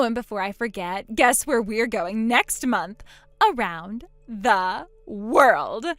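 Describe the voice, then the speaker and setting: A woman's voice: fairly high pitch, fairly bright tone, dry recording. A woman voicing a boastful, spiteful young woman who mocks her sister in a text-story drama. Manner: smug, mocking, gloating.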